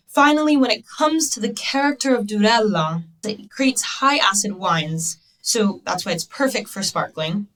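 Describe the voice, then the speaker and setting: A woman's voice: mid-range voice, expressive, moderate pace, few pauses, fairly bright tone, distant mic. Bubbly American woman hosting a podcast. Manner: bubbly, laughs often, playful teasing. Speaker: podcast host. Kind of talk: casual interview chat.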